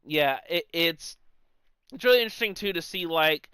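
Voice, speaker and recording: A man's voice: fairly high pitch, lively intonation, moderate pace, bright, forceful tone, smooth, no echo. A young man co-hosting a podcast, chatting loosely about sports and swearing freely. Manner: loose, profane, acts out quotes with laughs. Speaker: podcast co-host. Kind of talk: casual sports chat.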